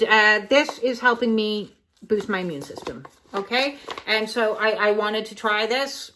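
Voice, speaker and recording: Bright-voiced, frank woman vlogger. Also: fairly high pitch, rough recording. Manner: frank and jokey, swears freely. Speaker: wellness vlogger. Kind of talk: casual health vlog talk.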